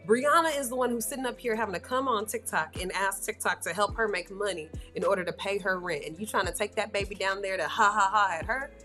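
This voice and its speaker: A woman's voice: mid-range voice, fast, few pauses, sharp tone, faint music behind. A woman giving blunt, slangy, scolding reaction commentary as a vlog host. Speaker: commentary vlogger.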